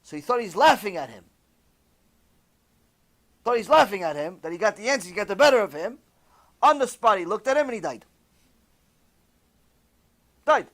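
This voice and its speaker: Religious teacher guy, high voice, lively story-sermon with hebrew words mixed in. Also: normal speed, long pauses. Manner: animated, conversational, sprinkled with Hebrew terms.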